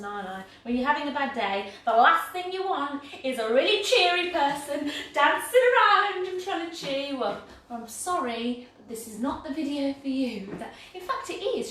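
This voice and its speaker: Brief: cheerful English woman, high voice, baking livestream host, far from laptop mic, faint room noise. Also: a bit bright, heavy reverb. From England. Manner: bubbly, chatty, self-mocking. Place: home kitchen. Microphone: laptop mic from across the room.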